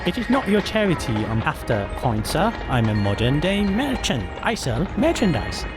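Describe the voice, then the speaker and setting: A man's voice: huge pitch swings, moderate pace, music in the background. A man voicing a cheeky young boy selling merchandise in a comic sponsor skit. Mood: chirpy salesy. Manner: chirpy, salesy, squeaky.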